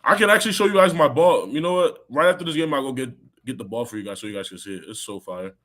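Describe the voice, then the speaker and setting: A young man chatting on a live stream while he plays a video game. He is excitable and talkative, reacting to the game under his breath between stories. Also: medium pitch, quick pace. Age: young adult. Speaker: guest college football player. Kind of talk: casual live-stream chat while gaming.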